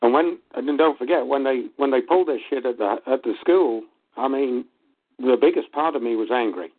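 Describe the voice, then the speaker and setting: A man's voice: mid-range voice, a little fast, slightly rough. Male caller, earnest, indignant, repeats himself, tinny phone line. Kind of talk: phone-in conversation.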